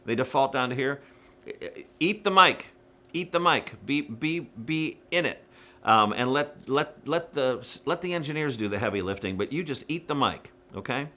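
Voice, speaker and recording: A man's voice: medium pitch, lively intonation, moderate pace, a bit bright. A man giving frank, casual coaching to church singers, with plenty of fillers and little demonstrations. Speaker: worship music director. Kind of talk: instructional talk to church singers.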